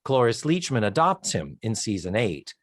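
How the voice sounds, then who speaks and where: A man co-hosting a podcast, retelling a sitcom episode with animated storytelling, acting out its lines and swearing for comic effect. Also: lowish voice, moderate pace, dry recording, clean studio sound. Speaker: podcast co-host. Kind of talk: casual recap chat.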